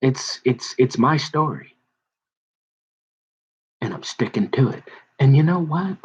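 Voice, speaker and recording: A man's voice: mid-range voice, animated, takes it slowly, breathy edge, dull audio. A man doing a rambling, self-mocking comic monologue. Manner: rambling, self-mocking, slips into put-on voices. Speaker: comedian.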